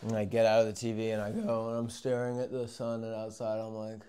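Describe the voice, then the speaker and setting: A young man telling a casual, rambling story, acting out moments with yells and whispers. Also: lowish voice, completely flat delivery, a little fast, clear, resonant tone. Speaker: vlogger.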